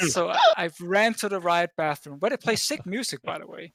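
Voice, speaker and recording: A man's voice: sits high, normal speed, creaky, fairly bright tone, no room sound. A man from Denmark, a podcast guest, telling a long story in a casual chat, full of fillers and restarts. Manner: rambling, with many fillers and restarts. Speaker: podcast guest, esports caster.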